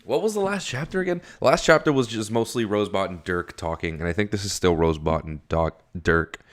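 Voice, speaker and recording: A man casually reading a webcomic aloud and commenting on it. He swears freely, rambles, and sounds tired in the early morning. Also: fairly quick. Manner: profane, rambling, jumps high when surprised. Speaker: webcomic reader.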